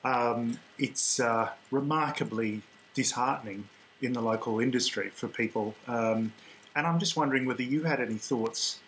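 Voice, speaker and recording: A man's voice: medium pitch, moderate pace, a bit bright, slight background noise, rough recording. A man asking long, winding questions in an interview, hesitating with many fillers. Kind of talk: audience or host question.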